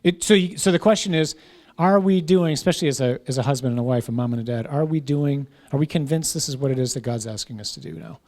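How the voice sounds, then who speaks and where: A man's voice: mid-range voice, quick pace, a little mellow. A man, a parish priest, teaching a class in an informal conversational way, often checking in with "right?" and "huh?".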